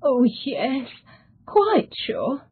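A woman's voice: sits high, sing-song, extremely slow, slightly rough, pitched above the performer's own voice, full character voice. A woman reading the lines of a remorseful man in a storybook, speaking earnestly and eagerly. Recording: tinny phone-like recording.

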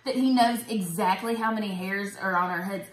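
A woman's voice: mid-range voice, a little fast, slight background noise. A woman hosting a casual Bible study talk, chatty and enthusiastic. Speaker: host. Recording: roomy echo.

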